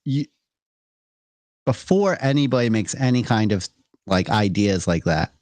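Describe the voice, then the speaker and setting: A man's voice: on the low side, expressive, measured pace, darkish tone, dry recording. A man from New England, a guest on a podcast, talking casually with dry, wry humor. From New England, Rhode Island. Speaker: guest, candidate for governor.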